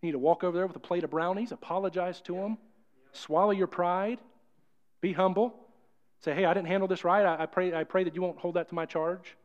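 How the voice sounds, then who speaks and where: Man preaching a sermon, higher voice. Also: fairly even intonation, brisk, highs cut off. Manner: conversational storytelling preaching. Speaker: pastor.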